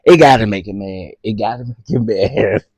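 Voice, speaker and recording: A man's voice: lowish voice, moderate pace, darkish tone, husky, no room sound, studio quality. A man hosting casual commentary, talking in a slangy, teasing way with features and frequent bursts of laughter. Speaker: commentary host.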